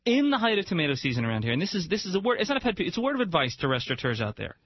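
A man with a New Jersey accent co-hosting a radio show, talking quickly and enthusiastically with strong opinions. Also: high voice, sing-song, no room sound. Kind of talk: casual radio chat. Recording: dull lo-fi radio broadcast.

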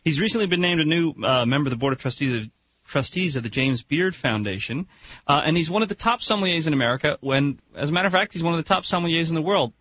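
A man with a New Jersey accent co-hosting a talk radio show in casual, animated chat, laughing often. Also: a little high, quick pace, breathy edge. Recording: muffled radio broadcast with faint hiss.

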